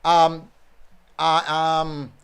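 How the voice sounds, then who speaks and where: A man's voice: fairly high pitch, completely flat delivery, drawn-out words, gravelly, clear, resonant tone. A man hosting a casual football review stream, reading chat comments and talking in a chatty way, full of fillers and repeated phrases.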